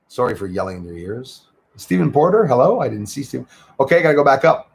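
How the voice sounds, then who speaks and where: A man's voice: mid-range voice, sing-song, measured pace, vocal fry, long pauses. A man hosting a livestream, chatting casually and greeting viewers by name as he rambles along. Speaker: livestream host. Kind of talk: casual chat reading out viewer comments.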